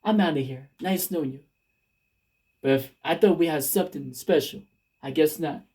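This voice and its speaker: A man's voice: on the high side, normal speed, a little mellow, slightly rough. A man voicing a heartbroken female terminator robot who is hurt and then forgiving. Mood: sad.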